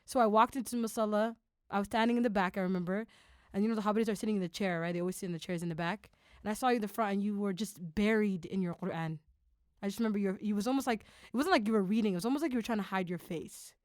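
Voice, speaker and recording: Clear-voiced woman podcast host. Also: mid-range voice, racing, dry recording, studio quality. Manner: animated, emotional, rambling recollection. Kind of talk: conversational interview.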